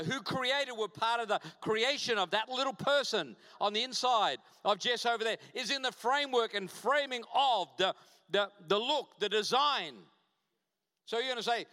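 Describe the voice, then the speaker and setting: A high, bright-voiced man preaches with punchy, repeated phrases. His voice carries through a reverberant church hall. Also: expressive, normal speed. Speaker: guest pastor. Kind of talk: sermon.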